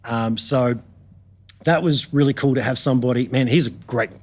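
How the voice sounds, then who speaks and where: A man's voice: medium pitch, normal speed. Australian man, guest guitarist, easygoing anecdote-teller, loose and slangy, full of ums. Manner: laid-back, slangy, many ums and restarts. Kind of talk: casual podcast storytelling.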